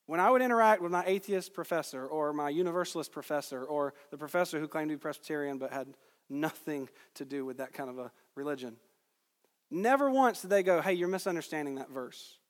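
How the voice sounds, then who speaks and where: A man's voice: fairly high pitch, lively intonation, fairly quick, in a large hall. A man preaching a sermon, reading scripture aloud and stressing key phrases with emphasis.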